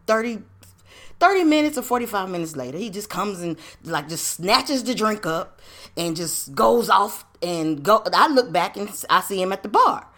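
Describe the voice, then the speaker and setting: A woman's voice: medium pitch, lively intonation, normal speed, a bit bright. A woman hosting a podcast, telling a personal story in casual, slangy, profane talk full of rhetorical questions. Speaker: podcast host.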